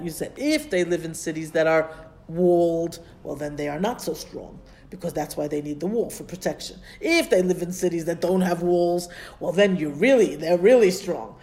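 A woman's voice: on the low side, warm tone. Woman teacher explaining a text. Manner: explanatory, translates Hebrew terms as she goes; pauses often to search her notes. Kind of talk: classroom Bible lesson.

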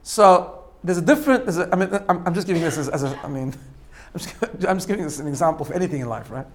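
A man's voice: a little high, expressive, fast talker. A man giving a spoken lesson, explaining step by step with frequent "right?" checks and repeated phrases. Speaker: teacher. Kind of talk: spoken lesson on self-growth.

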